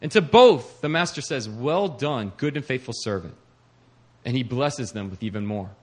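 A middle-aged male pastor preaching a sermon, moving from hushed, searching passages to fervent, urgent appeals. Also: mid-range voice, expressive, moderate pace.

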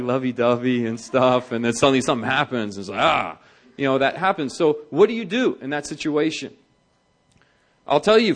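A male pastor preaching in a lively, conversational manner. His voice sits a little high, and his pitch swings widely as he drives his points home and slips into the voices of the people he quotes. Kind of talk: sermon on marriage.

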